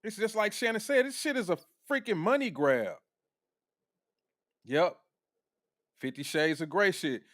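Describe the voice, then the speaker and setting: A man's voice: high voice, animated, a little slow, long pauses, fairly bright tone, no echo, clean studio sound. A man hosting a casual reaction commentary, blunt and profane, laughing often. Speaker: commentary host.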